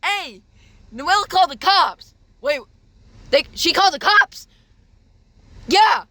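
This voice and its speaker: A young man putting on the voice of an excited, shocked teenage boy. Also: extremely high pitch, measured pace, dry recording, pitched above the performer's own voice, exaggerated voice.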